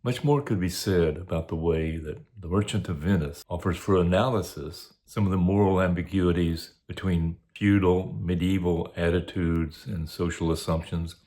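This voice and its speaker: A man giving a recorded lecture as a course instructor, in a measured, academic way. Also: low voice, fairly even intonation, warm tone.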